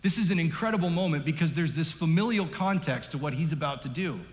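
In a large church hall, a male pastor with a slightly high voice preaches fast, animated and emphatic, his loudness rising and falling. His words bounce around the room, and a long reverb tail trails each phrase.

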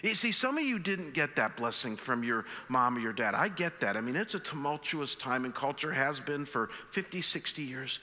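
Earnest middle-aged pastor, bright hall echo. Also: male voice, mid-range voice, sing-song, normal speed, few pauses. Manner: earnest and conversational, with frequent restarts. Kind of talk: sermon. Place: church sanctuary. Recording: long hall reverb.

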